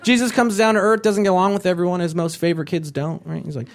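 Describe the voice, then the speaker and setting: A young man performing a stand-up comedy set on a club stage, acting out characters with sudden shouted voices. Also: fairly high pitch, rapid-fire.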